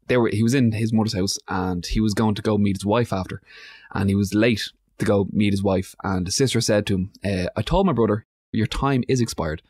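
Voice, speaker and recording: A man's voice: fairly low pitch, a little mellow, no room sound. A British man co-hosting a podcast, chatting casually with dry, sarcastic asides. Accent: British English. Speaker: podcast co-host.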